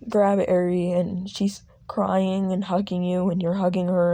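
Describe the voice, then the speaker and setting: A young woman narrating a fan audio drama slowly, halting and restarting. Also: fairly low pitch, monotone, warm tone.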